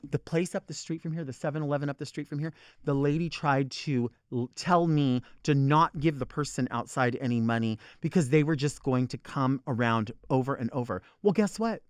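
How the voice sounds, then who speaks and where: A man's voice: medium pitch, fairly quick, no room sound. A man hosting a talk show, delivering a sassy, exasperated and profane unscripted comic rant.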